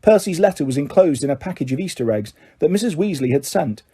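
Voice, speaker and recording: A man with a fairly high, husky voice narrates a novel as an audiobook reader. His scripted storytelling is steady and measured.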